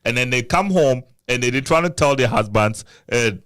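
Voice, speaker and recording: A married man in his thirties hosting a casual chat, animated, laughing often and repeating words as he argues a point. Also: mid-range voice, normal speed. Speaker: podcast host.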